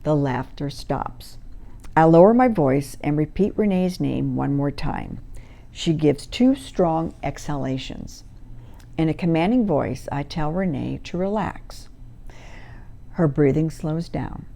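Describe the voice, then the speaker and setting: A woman reads session stories from her own book, calm and measured. Her voice is low and gravelly, with a dark, mellow tone. She speaks slowly. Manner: calm, measured, soothing instructions. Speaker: hypnotherapist reading her book. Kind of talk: audiobook reading of session stories.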